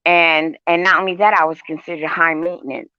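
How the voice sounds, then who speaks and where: A woman's voice: lowish voice, level tone, a little fast, clear, resonant tone, no echo. A woman co-hosting a casual chat show, telling brash stories with laughter. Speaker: show co-host. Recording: dull lo-fi sound.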